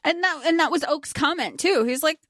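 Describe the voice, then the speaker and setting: A woman co-hosting a casual book podcast, excitedly retelling scenes and quoting the characters. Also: high-pitched, fairly quick, no echo, clean studio sound. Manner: excitable, jumps in to retell scenes with quoted lines. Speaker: podcast co-host.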